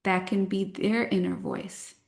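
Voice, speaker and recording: A woman in her thirties, a parent coach, talking to a parent group in a reflective, gently explanatory way and telling personal stories. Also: mid-range voice, fairly even intonation, unhurried.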